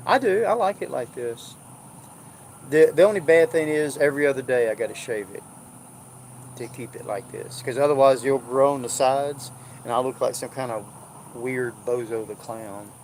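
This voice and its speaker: A man's voice: mid-range voice, normal speed, darkish tone, a little hiss or hum. Rambling jovial man. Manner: jovial, rambling, drawling storyteller. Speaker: vlogger. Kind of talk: casual rambling chat. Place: indoors at home.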